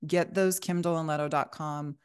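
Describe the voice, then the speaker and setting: A middle-aged woman speaks in a somewhat low voice, hosting a faith-based podcast. She talks earnestly and encouragingly, often checking in with her listeners. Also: fairly even intonation, moderate pace, smooth. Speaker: podcast host.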